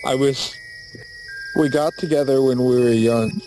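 A man at an ordinary middle pitch rambles out a string of apologies, stammering and cursing under his breath. He talks into a handheld camera outdoors in a forest at night, with crickets chirping faintly behind him. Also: steady tone, unhurried, background noise. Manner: nervous rambling, stammers and swears as he lists apologies. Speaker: video creator. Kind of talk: mock apology monologue in a horror comedy short. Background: faint crickets and insects.

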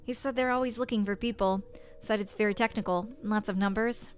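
A woman's voice: mid-range voice, steady tone, fairly quick, slight background noise, lightly acted. A woman reading the lines of a worried, nagging middle-aged mother in a visual novel, in her own plain voice. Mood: disapproving. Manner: plain reading, no accent attempted.

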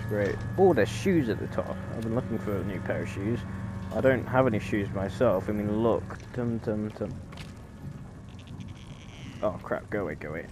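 A gaming YouTuber with a lowish voice gives casual, jokey let's-play commentary on a horror game, chatty and easily startled, with background noise in the recording.

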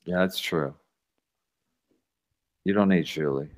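A man's voice: deep voice, slow. Profane stammering man hosting a podcast. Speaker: podcast host. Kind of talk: casual chat.

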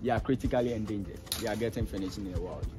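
A man's voice: lowish voice, racing. Man guiding a zoo tour. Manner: explanatory, matter-of-fact. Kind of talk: guided tour talk. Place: outdoors at a zoo. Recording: loud music laid over the voice.

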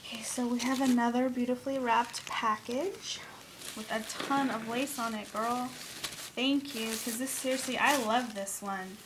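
A woman vlogger chatting casually as she unboxes a craft swap, gushing with excitement and breaking into gasps and squeals. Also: fairly high pitch, moderate pace, background noise.

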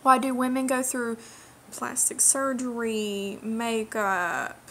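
A woman's voice: a little high, fairly even intonation, slow, a bit bright, a little hiss or hum. A young woman ranting straight to camera in a vlog, indignant and emphatic, lecturing and repeating her key phrases. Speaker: vlogger. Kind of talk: direct-to-camera rant.

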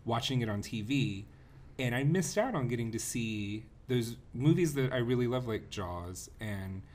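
A man in his forties co-hosting a movie podcast, telling rambling and animated anecdotes. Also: medium pitch, moderate pace. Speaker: podcast co-host. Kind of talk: casual roundtable chat.

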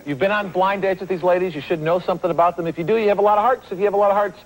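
A man's voice: high-pitched, steady tone, racing. A man hosting a TV dating game show, teasing the contestants with jokes in front of a live studio audience. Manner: wisecracking, teasing. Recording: loud studio audience and noise.

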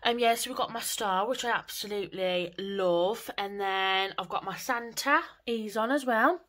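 Speaking at a moderate pace, this English woman in her 20s has a medium-pitched, fairly bright voice. She rambles casually in a home vlog from her living room, swearing lightly now and then.

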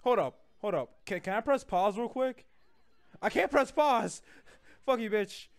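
High, animated trash-talking gamer guy. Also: a little slow, vocal fry. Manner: swings between yelling and low taunting mutters, laughs often. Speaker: gaming channel host. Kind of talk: trash-talking gameplay commentary.

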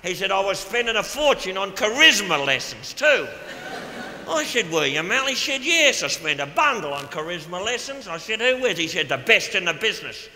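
A man's voice: sits high, very animated, moderate pace, pushed and bright, roomy sound, in a large hall, heavily acted. A man playing a crude, boozy Australian blowhard. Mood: boorish. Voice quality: brash, crude, gleeful ocker drawl. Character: crude boozy middle-aged Australian male official. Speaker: stage comedian in character. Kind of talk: live stand-up monologue. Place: stage before a live audience. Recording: live theater recording with audience.

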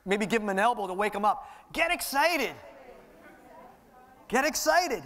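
High-voiced impassioned male preacher. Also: a bit bright. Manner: impassioned, repetitive preaching cadence. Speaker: pastor. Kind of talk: sermon. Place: church sanctuary.

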